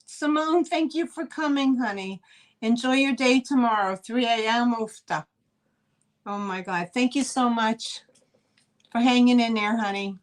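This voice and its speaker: A woman's voice: on the high side, unhurried. A woman with a New York accent hosting a live online sale, chatting with viewers and greeting them by name. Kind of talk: live-stream selling chat.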